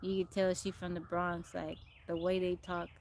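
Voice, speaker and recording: A woman's voice: fairly low pitch, monotone, normal speed, darkish tone, slight background noise. A young woman from Texas, chatting casually on a livestream from outdoors and laughing often. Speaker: livestream host. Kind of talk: casual chat. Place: outdoors in nature. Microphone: phone livestream.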